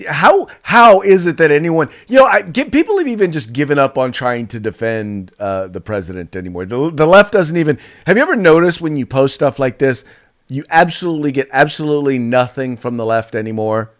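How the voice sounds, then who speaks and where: A man co-hosting a podcast, giving casual political commentary in an animated way with frequent restarts. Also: mid-range voice, a little fast. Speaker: podcast co-host.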